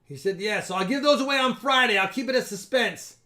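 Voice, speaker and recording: Bright, high-voiced playful male streamer. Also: quick pace. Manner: playful and loud, counting down giveaways, joking with viewers. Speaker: live stream host running giveaways. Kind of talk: casual live stream chat.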